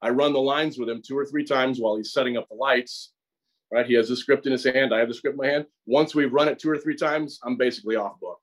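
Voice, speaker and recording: A man's voice: medium pitch, fast, poor audio. A middle-aged man with an American accent, a guest actor and acting teacher who explains his process at length in a conversational interview, often restarting and repeating words. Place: acting studio.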